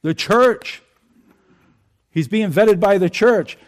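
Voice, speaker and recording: A man's voice: high-pitched, slow. A man preaching a sermon in a conversational way, asking his congregation questions. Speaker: pastor.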